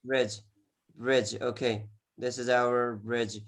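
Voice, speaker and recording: A male teacher runs an online English exam lesson over a video call. He talks in an encouraging way, repeats words and fills gaps with "okay". His voice sits at an everyday middle pitch. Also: flat delivery, slow pace. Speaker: IELTS teacher.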